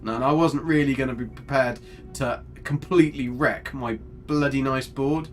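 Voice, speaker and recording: A man's voice: mid-range voice, moderate pace, faint music behind. Chatty man commentating a game. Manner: chatty, swears mildly, talks to his character and viewers. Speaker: gaming streamer. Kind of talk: casual live gameplay commentary.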